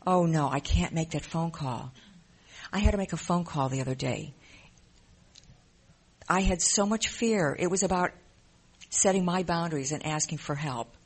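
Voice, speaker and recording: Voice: medium pitch, normal speed, pauses often, husky. A speaker giving an earnest, emotional personal testimony in a recovery program, often repeating phrases. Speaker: member sharing in a recovery program.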